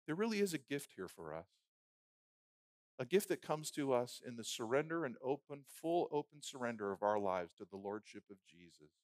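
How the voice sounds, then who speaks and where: A man preaching a sermon who builds phrases into rhythmic lists and drops from loud emphasis to a hushed, prayerful murmur. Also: mid-range voice, very animated, normal speed, dry recording, clean studio sound.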